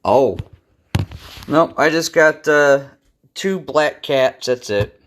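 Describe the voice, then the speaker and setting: A man's voice: a little high, expressive, takes it slowly. A young adult man chatting casually on a live game stream, rambling and talking back to his cat.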